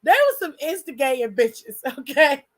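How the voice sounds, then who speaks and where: A young woman hosting, telling a story in a blunt, profane and animated way. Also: sits high, normal speed. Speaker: host. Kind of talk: casual storytelling.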